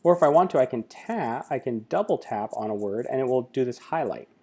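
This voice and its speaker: A man's voice: mid-range voice, lively intonation, a little fast, a little mellow, slightly rough. A man working as a tech coach, giving a casual screen-recorded tutorial with many fillers. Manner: casual, filler-heavy explaining.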